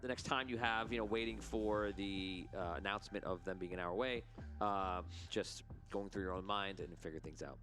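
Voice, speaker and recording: A man acting as game master, narrating a tabletop game in a relaxed, chatty way over an online video call and laughing often. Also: low-pitched, normal speed, hardly any pauses, faint music behind.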